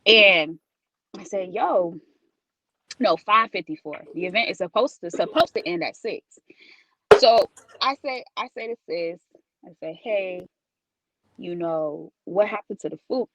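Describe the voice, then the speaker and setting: A woman who co-hosts a podcast and works as a blogger, telling a story in an expressive, sassy way. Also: fairly low pitch, a little slow, pauses often, dull audio, slight background noise. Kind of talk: casual chat.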